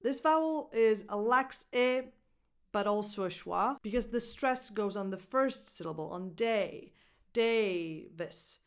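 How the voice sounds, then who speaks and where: A woman coaching English pronunciation, repeating each word slowly and carefully and spelling out its sounds. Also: fairly high pitch, expressive, clear, resonant tone. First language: Italian. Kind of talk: pronunciation lesson.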